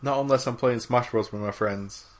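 A man's voice: medium pitch, moderate pace. A young man on a gaming podcast, rambling through a casual chat with lots of fillers. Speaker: podcast co-host.

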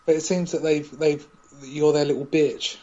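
A man's voice: fairly high pitch, fairly even intonation, normal speed, warm tone. A man co-hosting a podcast in casual chat, teasing his co-host with dry remarks. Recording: muffled lo-fi audio.

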